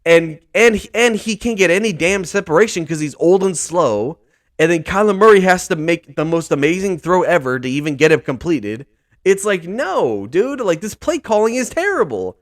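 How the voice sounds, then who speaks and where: Fired-up young man ranting, lively pitch. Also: moderate pace. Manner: frustrated, profane, heavy use of "dude". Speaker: podcast host. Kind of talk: casual ranting recap.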